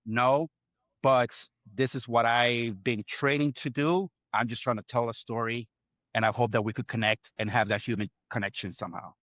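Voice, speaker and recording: A man's voice: mid-range voice, fairly even intonation, normal speed, fairly bright tone, dry recording, dull audio. A man, a chef, speaking earnestly in an interview, building his points in short lists. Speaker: chef guest. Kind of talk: reflective interview talk.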